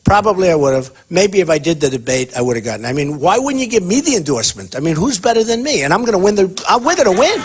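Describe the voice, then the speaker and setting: A husky-voiced man with a somewhat high pitch, holding forth at a campaign town hall. He talks off the cuff and boasts freely. He wanders from point to point and keeps circling back to the same phrases. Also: sing-song, fast, few pauses. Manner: boastful, rambling, repeats himself. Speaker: political candidate at a town hall.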